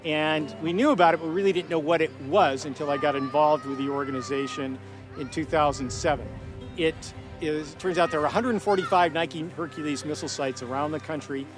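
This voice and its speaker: A man's voice: on the high side, fairly quick, over music. A man who directs a nonprofit, explaining a historic site outdoors in a documentary interview with enthusiasm. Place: outdoors by a ridge.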